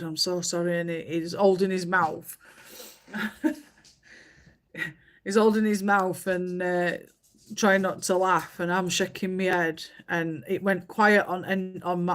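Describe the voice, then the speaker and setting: Woman, unhurried, chatty livestream host, rambling stories. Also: fairly low pitch. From England. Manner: rambling, chatty storytelling with many fillers. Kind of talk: casual chat while colouring.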